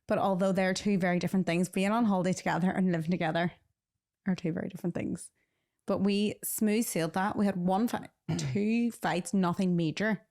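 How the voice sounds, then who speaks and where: A young woman hosting a casual podcast chat with her boyfriend, talking in a teasing, animated way. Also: on the low side, a little fast. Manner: chatty, teasing, animated storytelling. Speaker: podcast host.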